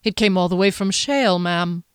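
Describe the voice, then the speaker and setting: A woman's voice: on the low side, moderate pace, clear, resonant tone, no room sound, studio quality, natural voice. A woman voicing a polite, sympathetic male dispatch rider who talks courteously to a shopkeeper. It is an audiobook reading.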